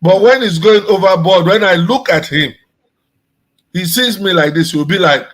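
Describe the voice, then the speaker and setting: A man's voice: high voice, moderate pace, a bit bright, rough recording. A man, a guest and pastor, telling a story in casual discussion, repeating his phrases.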